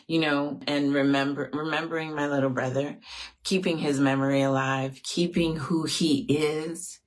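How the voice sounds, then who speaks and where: A woman in her forties hosting an affirmations talk, earnest and reflective and close to tears as she grieves, often checking in with "right?". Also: rumbling low. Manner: earnest, reflective, speaks to viewers directly, often adds "right?". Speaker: host of an affirmations show. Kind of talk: heartfelt off-the-cuff talk.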